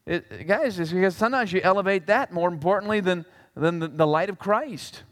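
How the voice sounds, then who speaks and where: A pastor with a fairly high voice preaches a brisk, animated sermon, jumping from loud exclamations to hushed asides and dropping jokes along the way. The long reverb of a church hall surrounds his voice.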